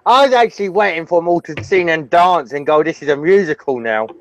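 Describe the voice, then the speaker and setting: Stammering, jokey man, fairly high voice. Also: fairly quick, highs cut off. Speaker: panel guest. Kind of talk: casual group chat. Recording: faint background noise.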